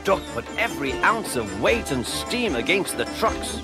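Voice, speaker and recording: Animated male storybook narrator. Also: fairly high pitch, normal speed. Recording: narration over clear music.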